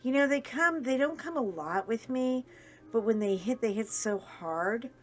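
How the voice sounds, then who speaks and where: A woman's voice: a little high, lively intonation, measured pace, faint music behind. Chatty rambling woman vlogger. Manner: rambling, chatty, self-deprecating humor. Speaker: crafting vlogger. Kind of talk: casual chat while crafting.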